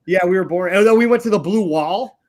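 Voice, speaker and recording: Ny guy on a podcast, kinda high voice, crude jokes, casual banter. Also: fast, crowd noise. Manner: crude jokey storytelling. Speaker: podcast co-host.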